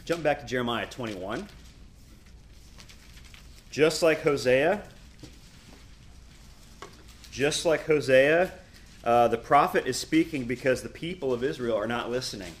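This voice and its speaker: A middle-aged man teaching a Bible lesson, reading scripture aloud with emphatic, animated delivery and quick asides. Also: medium pitch, a little hiss or hum.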